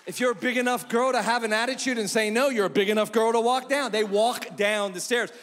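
A man in his thirties or forties preaching with a high-pitched voice, telling a family story with animated, self-mocking humor. His voice carries a long echo from a large church hall. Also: a little fast. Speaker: pastor. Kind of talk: sermon with a personal story.

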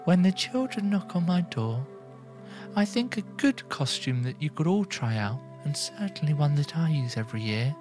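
A man voicing a frail, soft-spoken old man who talks in a gentle, calming way. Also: on the high side, faint music behind, pitched above the performer's own voice. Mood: soothing. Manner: gentle, soothing, slow.

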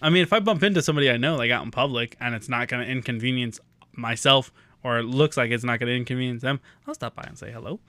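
A man's voice: medium pitch, fast talker, no echo. A young man hosting a podcast, chatting casually with friends, swearing and acting out quotes as he talks. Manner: swearing, loose, animated storytelling with mimicked quotes. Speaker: podcast host. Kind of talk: casual chat.

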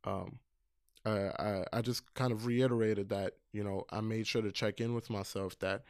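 A man's voice: lowish voice, darkish tone, dry recording, clean studio sound. A man casually telling a heartfelt personal story, earnest, with frequent fillers and restarts. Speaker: storyteller recalling camp counseling.

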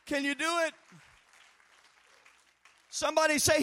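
High, bright-voiced preaching man. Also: unhurried, some chatter behind. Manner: preaching with rising, shouted emphasis and call-and-response. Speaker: pastor. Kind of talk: sermon.

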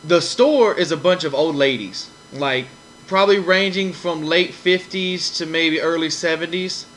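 A man's voice: on the high side, a little slow, a little hiss or hum, low-quality recording. Rambling man telling a story on a podcast. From American South. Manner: rambling, repeats himself, quotes others in animated voices. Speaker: podcast host. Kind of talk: casual storytelling.

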